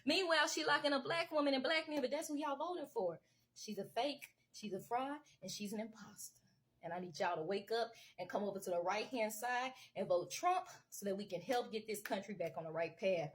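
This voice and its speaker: A woman's voice: on the high side, a little fast. A woman commentator delivering an impassioned political rant to camera. She talks emphatically and repetitively in casual everyday speech, urging her listeners again and again to wake up. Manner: casual vernacular with lots of y'all.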